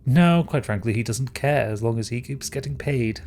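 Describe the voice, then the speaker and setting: A man's voice: mid-range voice, normal speed, darkish tone, a little hiss or hum, natural voice. A British man voicing a smug, sneering male villain who schemes and gloats. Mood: gloating.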